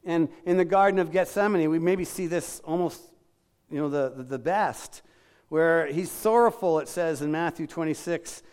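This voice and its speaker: A middle-aged male pastor preaches with a slightly raised pitch. He speaks conversationally, acts out the lines he quotes, and checks in with his listeners through questions. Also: moderate pace, darkish tone, smooth. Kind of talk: sermon.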